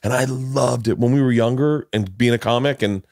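Here a podcast host in his forties talks fast at a medium pitch, his tone somewhat dark. He rambles through profane stories, laughing at his own jokes, in a casual storytelling chat. The studio-quality audio has no echo.

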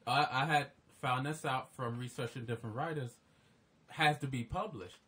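Man giving measured advice. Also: mid-range voice, a bit bright. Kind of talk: casual roundtable chat.

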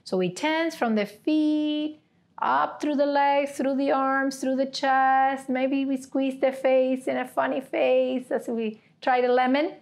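A woman yoga therapy instructor leading a seated class with gentle step-by-step cues, often checking in with "right?". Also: high-pitched, fairly even intonation, slow, vocal fry.

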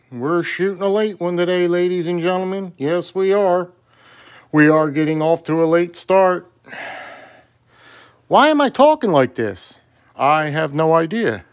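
A man's voice: sits high, clear, resonant tone. A man from South Jersey, rambling chattily to camera about knives, with playful sing-song moments. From South Jersey, USA. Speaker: knife collector vlogger. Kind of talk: casual chat to camera.

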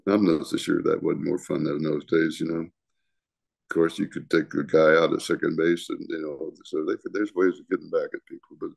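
An older man with a very low, gravelly voice spins salty stories and chuckles between lines. His talk is loose and conversational, full of rough language. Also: level tone, normal speed, a little mellow. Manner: profane, chuckling storyteller. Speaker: retired baseball pitcher. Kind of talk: casual storytelling interview.

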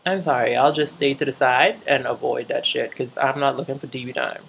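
A woman's voice: extremely low pitch, steady tone, a little fast, creaky, slight background noise. A woman vlogger chatting casually while recapping TV shows, swearing freely and laughing often.

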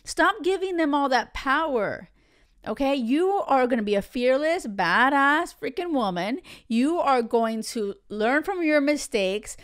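A woman's voice: sits high, expressive, unhurried. A woman in her thirties hosting a podcast as a relationship coach, talking bluntly and emphatically and swearing freely. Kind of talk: casual podcast monologue.

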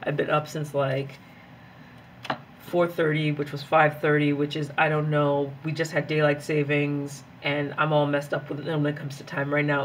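A young woman who vlogs about planners, and is also a graduate student and teacher, chats casually while journaling. Hyped up on coffee, she's rambling, giggly and easily excited. Her voice sits low, with a little hiss or hum in the recording.

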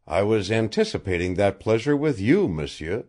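A man's voice: on the low side, sing-song, moderate pace, darkish tone, pitched above the performer's own voice. A man reading aloud and voicing a grim, sarcastic French guide with a French accent, who speaks in solemn warnings.

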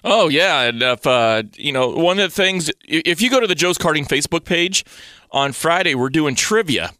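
A man's voice: on the high side, animated, normal speed, pushed and bright, no room sound, clean studio sound. A man co-hosting a radio racing talk show, chatting easily and plugging promotions. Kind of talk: casual radio chat.

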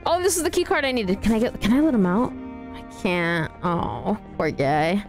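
A woman streams a horror game live, playfully chatting with her viewers as she plays. Her voice is medium-pitched with lively intonation, her pace is moderate, and music plays in the background.

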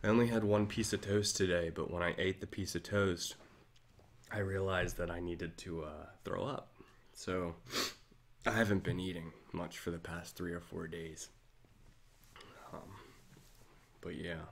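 A man's voice: low-pitched, fairly even intonation, a little slow, long pauses. A man hosting a casual livestream, animatedly telling a dramatic story to his chat. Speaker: livestream host.

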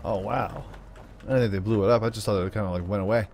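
Male let's-play host, low voice, joking, teasing banter. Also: fairly even intonation, fast, gravelly, a little mellow, a little hiss or hum. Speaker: gaming channel host.

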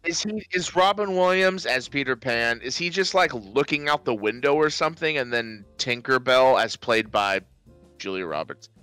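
Animated young man recapping a movie. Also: medium pitch, normal speed, clear, resonant tone, no room sound, soft background music. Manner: animated, acts out scenes in silly voices. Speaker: podcast co-host. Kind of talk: casual movie review chat.

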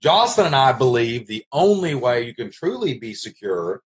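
This online business coach from Kentucky, United States, hosts a casual vlog at normal speed in a mid-range, sing-song voice. His style is folksy and emphatic, with frequent repetition of his phrases.

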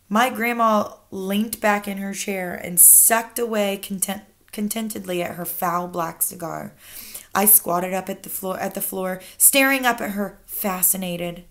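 A teacher reading a children's book aloud to her class with expressive, storyteller pacing. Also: medium pitch, measured pace.

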